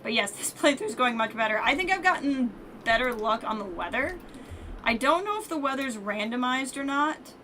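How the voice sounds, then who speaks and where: A woman's voice: high-pitched, animated, moderate pace, bright, forceful tone. A woman streaming a game, thinking aloud in a chatty, self-correcting way. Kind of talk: casual let's-play commentary. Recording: distant mic with background noise.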